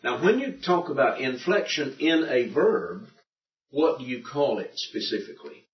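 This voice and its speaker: A man teaching a Greek language class in a folksy, halting lecture style, often repeating himself. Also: mid-range voice, very animated. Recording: roomy, distant, muffled classroom recording.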